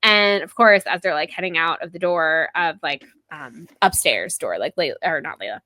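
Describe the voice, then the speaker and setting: On her podcast, a young woman breezily recaps a book chapter, retelling scenes with animation and filling her speech with "like." Her voice is low-pitched and moves at normal speed, with no room sound.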